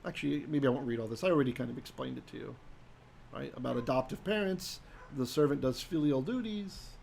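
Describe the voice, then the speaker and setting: A man teaching a live-streamed Hebrew Bible lesson in a conversational way, often asking "right?" and reading Hebrew verses slowly aloud. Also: medium pitch, creaky, darkish tone, a little hiss or hum.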